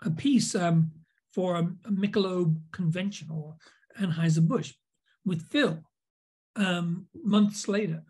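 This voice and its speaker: Slow, high-pitched, a little mellow, and husky, this voice belongs to an older man from England. He's a video producer being interviewed, spinning loose behind-the-scenes stories with many fillers and false starts.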